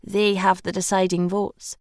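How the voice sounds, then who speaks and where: A woman voicing a solemn woman in her forties who speaks in short, flat, monotone answers. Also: mid-range voice, measured pace, no echo, studio quality, natural voice.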